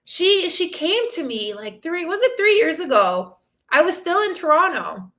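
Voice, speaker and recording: A woman's voice: very high-pitched, big pitch swings, measured pace, sharp tone. A woman in her thirties, a fitness and mindset coach, talking alone on a podcast in a candid, emotional and encouraging way. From outside the country she lives in. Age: 30s. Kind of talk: solo podcast talk.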